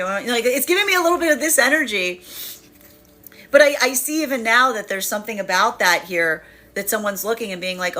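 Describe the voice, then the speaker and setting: A woman's voice: medium pitch, expressive, quick pace, pushed and bright. A woman tarot reader giving a casual, rambling reading, full of fillers and acted-out voices. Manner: rambling, many fillers, acts out voices with laughter.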